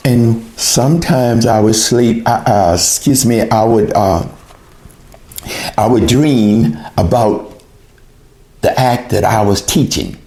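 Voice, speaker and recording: A man's voice: lowish voice, lively intonation, slow, a little mellow. Man telling an emotional testimony, roomy echo. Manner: earnest, retells his own pleas to God in quoted speech. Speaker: personal testimony speaker.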